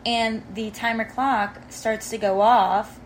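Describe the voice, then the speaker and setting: Wry higher-voiced female co-host. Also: steady tone, slow, a little hiss or hum, poor audio. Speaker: podcast co-host. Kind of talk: casual chat.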